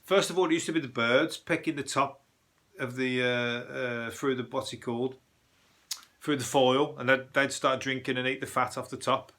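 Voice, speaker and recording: A male comedian rambling through a news-review podcast with lots of swearing and frequent chuckles. His voice is bright and forceful, set at a mid pitch for a man. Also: steady tone, moderate pace. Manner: profane, rambling, chuckles often. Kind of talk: casual comedic news monologue.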